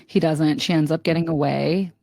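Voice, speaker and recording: Deep-voiced young woman retelling a film. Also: moderate pace, gravelly. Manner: expressive, relating a film plot with filler words. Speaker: podcast co-host. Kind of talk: casual chat.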